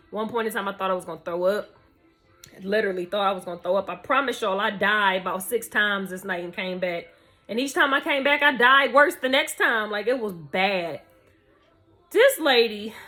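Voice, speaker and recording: A young woman telling a story to camera in a casual, animated, profane way, full of slang. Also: medium pitch. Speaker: vlogger.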